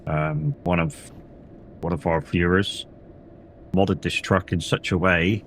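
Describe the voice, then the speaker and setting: Man, very deep voice, tired, casual rambling stream chat, swears, faint hum behind. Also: very animated, slow, gravelly. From England. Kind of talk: casual live-stream chat while playing.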